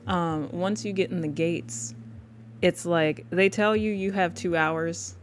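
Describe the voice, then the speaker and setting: A woman's voice: fairly low pitch, steady tone, takes it slowly, faint music behind. A woman artist on a live stream, chatting casually with her viewers, laid-back and laughing often.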